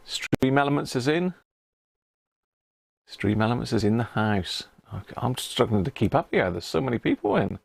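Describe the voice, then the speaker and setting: A middle-aged man talks casually on a live stream from his workshop. He is chatty and easygoing, greeting viewers by name and chuckling between remarks. His voice sits at a medium pitch and sounds dry and close, with no room echo. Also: lively intonation, moderate pace, vocal fry, a little mellow, breathy edge. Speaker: livestream host.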